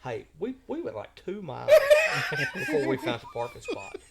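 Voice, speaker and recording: A man's voice: very high-pitched, huge pitch swings, normal speed, vocal fry, heavy background noise. Folksy man spinning a yarn. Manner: folksy, drawling, acts out quoted voices. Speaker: podcast host telling a travel story. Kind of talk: casual storytelling.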